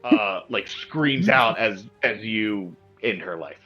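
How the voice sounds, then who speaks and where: A man narrates a tabletop game as game master, with a lowish pitch and a bright, forward tone. He describes the action loosely and leans on filler words. The recording sounds dull and lo-fi, with faint music underneath. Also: animated, slow pace.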